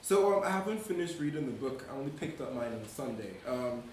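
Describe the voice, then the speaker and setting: A man's voice: mid-range voice, expressive, fairly quick, darkish tone, a little hiss or hum. A man from Nigeria who is a writer, speaking thoughtfully with many hesitations on a live panel. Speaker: writer and playwright. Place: museum event space. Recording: echoey room, far from the mic.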